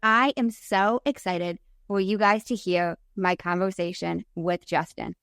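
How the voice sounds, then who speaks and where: A woman's voice: lowish voice, steady tone, measured pace, creaky, fairly bright tone, smooth, no echo, clean studio sound. A woman hosting a podcast interview, upbeat and enthusiastic as she introduces and questions her guest. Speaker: podcast host.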